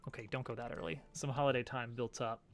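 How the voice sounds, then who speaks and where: A man's voice: mid-range voice, fairly even intonation, fast talker. A man streaming a video game, chatting casually and chuckling between asides. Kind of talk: casual chat while playing a game.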